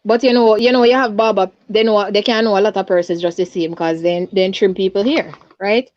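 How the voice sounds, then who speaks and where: A woman's voice: mid-range voice, steady tone, a little fast, darkish tone, dry recording. A Jamaican woman calling in by phone, recounting events in an urgent, repetitive way. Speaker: caller. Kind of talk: distressed phone interview. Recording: dull lo-fi phone line.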